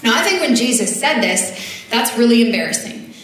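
Fairly quick and a bit bright, a woman's fairly high voice swings widely in pitch as she reads scripture and preaches earnestly and conversationally, using casual fillers. She's far from the mic at a church service, in a very echoey hall.

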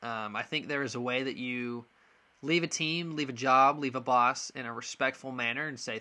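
Young male sports podcast host, bright voice, blunt and frustrated, loose casual delivery. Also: medium pitch, moderate pace. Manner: frank, frustrated, many ums and restarts. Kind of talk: casual opinion monologue.

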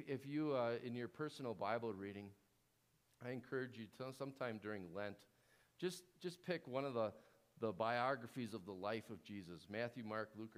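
A male pastor giving a sermon in a conversational style, with fillers and restarts, dropping low and quiet to stress key words.

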